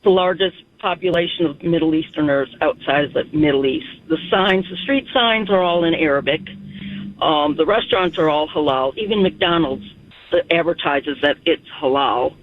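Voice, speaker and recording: A woman calling in to a talk radio show, speaking emotionally and in a rush, her voice climbing high. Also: normal speed. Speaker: caller. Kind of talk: phone-in talk radio call. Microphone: phone. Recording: tinny phone line.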